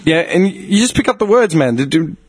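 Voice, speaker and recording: A man from Melbourne with an Australian accent, chatting casually with friends on a podcast, swearing a lot and laughing loudly. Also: on the high side, big pitch swings, a little fast, husky. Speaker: podcast co-host. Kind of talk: casual banter among friends.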